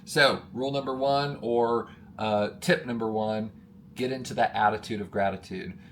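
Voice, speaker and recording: A man giving an energetic, emphatic motivational talk to camera as a coach, calling his listeners friends and getting worked up. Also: on the low side, normal speed, slight background noise.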